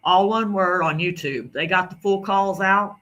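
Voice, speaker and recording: A man's voice: sits high, measured pace, sharp tone. A man talking casually to his viewers, rambling with restarts and self-corrections. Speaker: video creator. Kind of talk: casual direct-to-camera talk.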